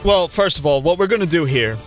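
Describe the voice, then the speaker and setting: Guy on sports radio teasing his cohosts deadpan, bouncy voice, faint music behind. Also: on the high side, fairly quick. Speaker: radio show co-host. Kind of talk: joking sports radio banter. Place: radio studio.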